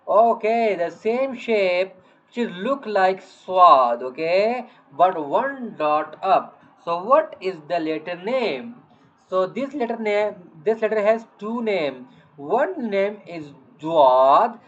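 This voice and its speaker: A teacher walks a young learner through letter sounds, repeating each one again and again. The delivery is very slow and patient, full of gentle check-ins. The recording sounds dull and lo-fi. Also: mid-range voice, expressive. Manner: patient, repeats letters many times, says "okay, beta". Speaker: Quran reading teacher. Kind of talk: slow letter-by-letter lesson to a child. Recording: dull lo-fi audio.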